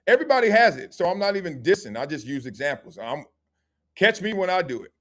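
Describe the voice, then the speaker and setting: A middle-aged man hosts a live sports talk stream with a high voice that swoops all over the place. He jokes, uses street slang and acts out scenes as he talks. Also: very animated, fast talker, a bit bright. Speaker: host.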